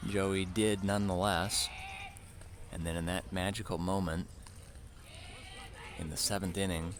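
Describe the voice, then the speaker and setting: A man giving relaxed, chatty play-by-play commentary on a youth baseball game and mixing in side stories. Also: deep voice, measured pace.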